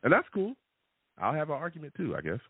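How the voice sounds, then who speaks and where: A man hosts a live sports call-in show, talking in an animated, chatty way and tagging his points with "okay?" His voice is a little husky and swings up and down a lot. The sound is thin and tinny like a phone line, and very dry. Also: on the high side, fast, no echo. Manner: animated and chatty, repeats "okay?" and "all right?" often. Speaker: sports podcast host.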